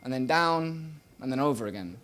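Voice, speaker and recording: A young man performing a spoken word poem on a small stage, rhythmic, swinging from loud bursts to quiet murmurs. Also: mid-range voice, lively intonation, normal speed. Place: small live venue stage.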